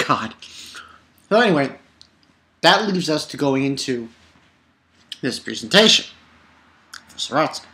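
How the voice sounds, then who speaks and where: A man casually recapping an anime episode, excitable and animated, with the odd curse word. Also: mid-range voice, a little slow, pauses often. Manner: excitable, animated retelling with swearing. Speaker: anime reviewer.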